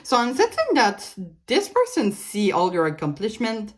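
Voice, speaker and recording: Reading tarot cards for a relaxed pick-a-card session, a Canadian woman whose first language is French speaks at a moderate pace in a slightly high voice with huge pitch swings. Her talk wanders, full of fillers, restarts, and small laughs.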